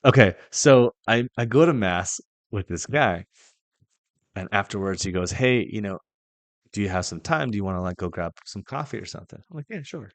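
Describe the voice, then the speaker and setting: A man's voice: on the low side, animated, moderate pace, dry recording. A young man hosting a casual faith podcast, telling a personal story in a rambling, candid way, with restarts, casual swearing and quoted conversations. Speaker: podcast host.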